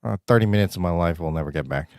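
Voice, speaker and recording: A man's voice: low-pitched, very fast, a little mellow, clean tone, no room sound. A man in his fifties from the Philippines, co-hosting a casual podcast over a video call, joking and laughing often. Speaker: podcast co-host. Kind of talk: casual chat.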